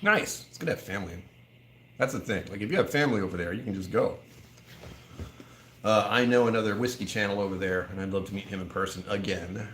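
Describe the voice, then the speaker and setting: A man's voice: lowish voice, quick pace, fairly bright tone, slight background noise. An American man hosting a whiskey livestream, chatting casually, joking and reading viewer comments. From United States. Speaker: whiskey channel host. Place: whiskey bar, indoors.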